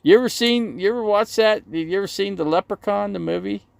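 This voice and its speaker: An RV channel livestreamer rambles casually, reading viewer comments aloud and answering them outdoors near a busy road. His voice is high, fairly quick, and creaky, with no echo.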